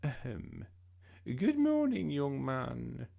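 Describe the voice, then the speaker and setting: A man doing a brisk scolding mum. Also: mid-range voice, wildly swooping pitch, vocal fry, warm tone, pitched above the performer's own voice, full character voice. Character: fussy, strict mother coaching her son.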